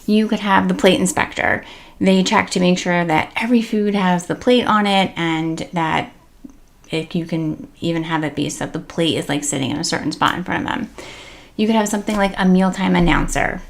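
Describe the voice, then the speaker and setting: A woman's voice: on the low side, normal speed, gravelly. A woman giving casual, chatty parenting tips as the host of a tip series, with many fillers and upbeat emphasis. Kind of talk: casual instructional talk to camera.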